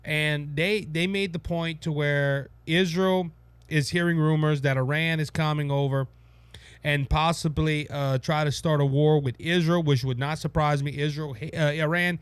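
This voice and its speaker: A man's voice: on the high side, steady tone, moderate pace, clear, resonant tone, no room sound. A man with a Cajun accent hosting a casual political talk show, rambling and emphatic, with frequent restarts. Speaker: podcast host.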